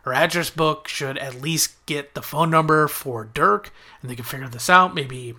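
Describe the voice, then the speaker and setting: A man's voice: a little high, normal speed, pushed and bright. A man casually recapping a TV episode as a podcast host, chatting through the plot and quoting the characters in his own voice.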